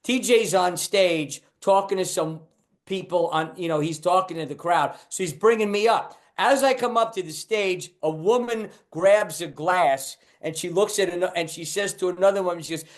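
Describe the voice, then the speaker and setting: High-voiced animated older male storyteller. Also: moderate pace. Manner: animated storyteller, acts out the people in his story. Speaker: stand-up comedian guest. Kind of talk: telling a club story.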